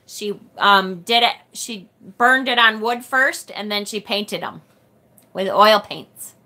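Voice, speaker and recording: A middle-aged American woman with a Rochester, New York accent hosts a casual tarot livestream, reading viewer comments aloud in a bright, pushed, mid-range voice. She's bubbly and chatty, laughs often, and tends to trail off and start over.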